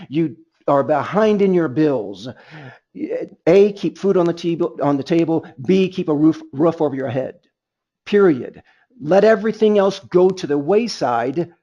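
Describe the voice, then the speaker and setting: A man's voice: a little high, a little mellow, muffled recording. A man leading a sales training webinar, emphatic and rambling, often restarting his sentences.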